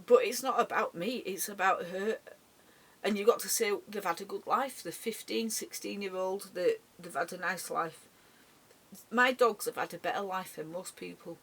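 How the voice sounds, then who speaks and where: A middle-aged woman speaking in an emotional personal vlog monologue, halting and often repeating her words. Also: mid-range voice, fairly bright tone, slightly rough. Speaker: vlogger.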